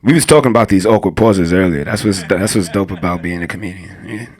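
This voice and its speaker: A man's voice: low voice, fast, slightly rough. A young man doing a crude, rambling stand-up comedy set, laughing at his own jokes.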